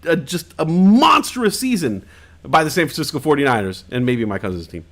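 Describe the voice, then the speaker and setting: Man host, high bright voice, lively and profane. Casual stream chat. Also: moderate pace. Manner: animated, profane storytelling. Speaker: talk show host.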